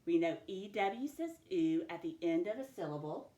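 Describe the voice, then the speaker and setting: A woman teacher giving a recorded spelling dictation lesson, slowly sounding out each letter and sound. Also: on the low side, lively intonation, dark tone. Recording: echoey room.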